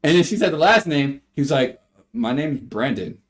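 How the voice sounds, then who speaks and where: A man's voice: big pitch swings, moderate pace. Rambling young man telling a story. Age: young adult. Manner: rambling storyteller, acts out quotes in high voices. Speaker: livestreamer. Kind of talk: casual livestream chat.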